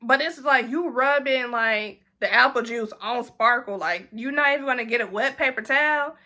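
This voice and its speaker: Bright, high-voiced young woman telling a story. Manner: animated, acts out friends' lines in quick quoted voices. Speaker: vlogger. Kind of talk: storytime vlog.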